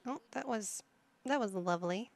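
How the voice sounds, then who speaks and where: A woman's voice: medium pitch, normal speed, creaky. A woman giving casual let's-play commentary, playful and motherly, with silly made-up words. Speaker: gaming video host.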